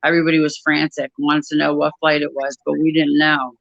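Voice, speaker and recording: A woman giving a personal testimony about her work at an airline crew desk, talking in a halting way with many pauses and restarts. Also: sits low, flat delivery, creaky, a bit bright, no echo, lo-fi sound.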